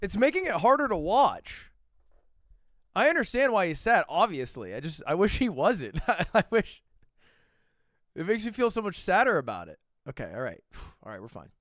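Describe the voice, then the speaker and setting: A young man in his twenties reacting to a video on stream, animated and swearing, switching between loud outbursts and quiet mutters. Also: sits high, moderate pace, no room sound, clean studio sound. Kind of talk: casual reaction commentary.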